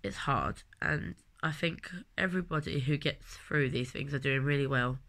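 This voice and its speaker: Deep, creaky and sharp-toned, this voice belongs to a vlogger in her late twenties from London, England. She's got a cold and rambles warmly through a heartfelt personal video.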